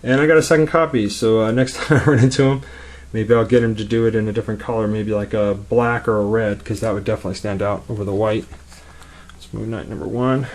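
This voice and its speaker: A man casually showing his collection, rambling along quickly with lots of fillers. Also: on the low side, fairly even intonation, a little mellow. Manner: rambling, laid-back, many fillers; talks quickly. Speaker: comic collector vlogger. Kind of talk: casual show-and-tell.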